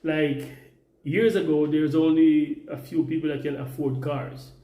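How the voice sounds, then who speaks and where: A man's voice: fairly high pitch, little pitch movement, measured pace, mellow. A Jamaican man vlogging at home while cooking, rambling and exasperated, repeating himself as he talks. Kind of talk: casual vlog while cooking. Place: home kitchen. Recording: echoey room.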